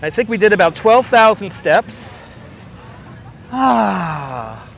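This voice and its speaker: Out on the city streets, a man runs a walking-tour livestream through a wireless clip-on mic, bantering casually with viewers and often laughing. His high-pitched voice swings widely in pitch, moves slowly, and sounds creaky with a fairly bright tone. Faint city street noise sits in the background.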